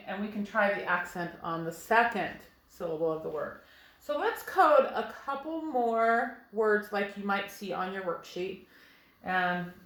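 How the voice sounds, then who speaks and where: A woman's voice: a little high, fairly bright tone. Patient teacher woman, echoey room. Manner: slow, clear, patient explaining. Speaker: first grade teacher. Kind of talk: phonics lesson at a whiteboard. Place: classroom with a whiteboard.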